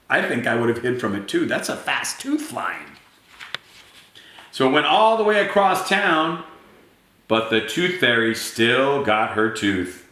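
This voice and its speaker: A man reading a picture book aloud to children, animated and asking his young listeners questions. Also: medium pitch, unhurried. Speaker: storytime reader. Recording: very echoey room.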